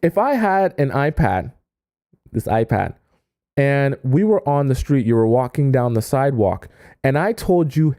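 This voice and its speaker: A man coaching his viewers on dating in a relaxed, conversational way, stressing his points and checking in with "okay?" as he goes. His voice has a warm, mellow tone. The recording is dry and close. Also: mid-range voice, unhurried, no room sound. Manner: emphatic, keeps checking in with "okay?" and "right?". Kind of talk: casual advice talk to an online audience.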